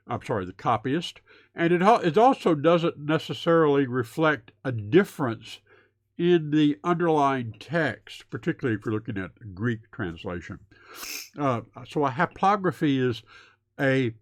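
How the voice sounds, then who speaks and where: A man's voice: mid-range voice, no room sound. A man giving a recorded lecture, explaining methodically step by step with occasional fillers.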